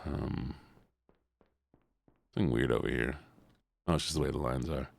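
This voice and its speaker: A man's voice: a bass voice, normal speed, creaky. A man streaming a game live, who is playful as he reads viewer messages aloud and answers them in casual chat.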